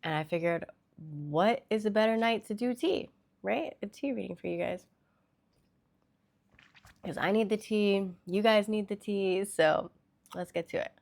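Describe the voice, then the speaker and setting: A woman's voice: medium pitch, a little slow, vocal fry, pauses often, darkish tone. A woman hosting a casual tarot reading vlog, chatty and loose, with the odd swear word. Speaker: tarot reader.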